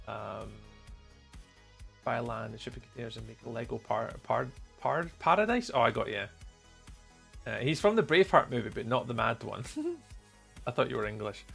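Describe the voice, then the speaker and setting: A man with a mild Scottish accent and a very gravelly, creaky voice that is bright and forceful. He talks casually as a game streamer, replying to his viewers' chat messages, with faint music playing behind him. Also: mid-range voice. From Scotland.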